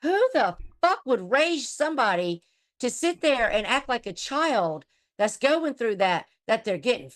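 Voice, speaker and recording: A woman's voice: on the high side, very animated, a little slow. A middle-aged woman hosting a casual commentary chat, blunt and profane, trash-talking the people she discusses. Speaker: host.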